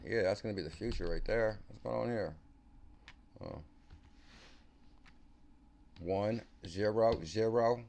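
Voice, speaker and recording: A man hosting a casual crypto livestream, excitable and slangy, talking to viewers by name. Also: medium pitch. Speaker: crypto channel host.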